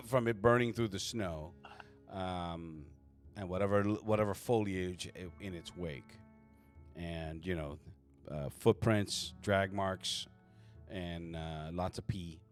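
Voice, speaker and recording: A man running a tabletop game as game master, narrating in a rambling, halting way with many fillers. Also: fairly low pitch.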